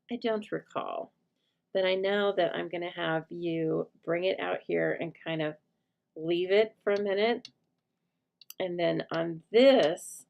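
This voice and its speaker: A woman's voice: fairly low pitch, gravelly, a little mellow. A middle-aged woman hosting a live card-making demonstration, chatty as she teaches step by step. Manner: chatty, teaching step by step, breaks off to talk to her dog. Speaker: host of live stamping show.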